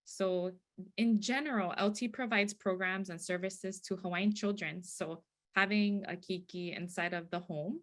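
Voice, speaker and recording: A woman closes a community session by presenting upcoming programs. She speaks in an informative, friendly way at a mid pitch. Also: fairly even intonation, a little slow.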